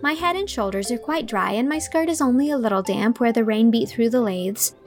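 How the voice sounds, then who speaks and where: A woman's voice: a little high, brisk, soft background music, lightly acted. A woman voicing an imaginative, talkative teenage heroine who gushes dramatically. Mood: cheerful. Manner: effusive, dramatic.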